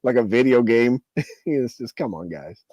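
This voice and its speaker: A man, a cartoonist guest in a casual chat, talking in a relaxed, dry way. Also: medium pitch, measured pace, no echo, highs cut off.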